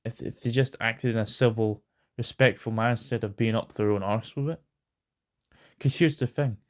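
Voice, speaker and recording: A man's voice: medium pitch, normal speed. A British man hosting a casual news rant. He rambles, swears a lot and fills his talk with ums and hesitations. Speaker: host.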